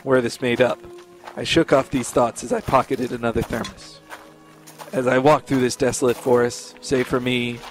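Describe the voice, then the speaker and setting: A man's voice: mid-range voice, fairly even intonation, normal speed, faint music behind. A man co-hosting a gaming podcast, narrating a spoof story in a dry, sardonic way and swearing freely in casual chat. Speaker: podcast co-host.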